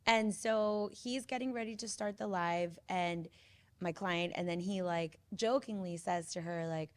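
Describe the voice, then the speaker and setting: A woman in her thirties, a podcast host, telling a lively anecdote in casual chat and acting out the voices of the people in it. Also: mid-range voice, moderate pace. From grew up in the 1990s. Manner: animated storytelling, acts out quoted voices.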